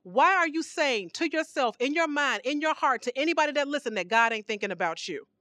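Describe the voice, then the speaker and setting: A woman's voice: sits high, brisk, no room sound, clean studio sound. A woman preaching a sermon on a podcast, emphatic and full of rhetorical questions, her voice rising and dropping. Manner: emphatic, rhetorical questions, animated swings in volume.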